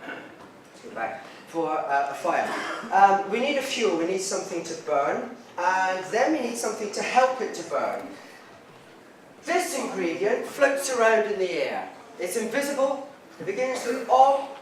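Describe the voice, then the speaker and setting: A man's voice: high-pitched, very animated, measured pace. Playful science showman, echoey theatre. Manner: playful, theatrical, leads call-and-response with sudden loud shouts. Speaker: science show presenter. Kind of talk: lively science show for a young audience. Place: large theatre with an audience. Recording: echoey hall from far off, loud crowd noise.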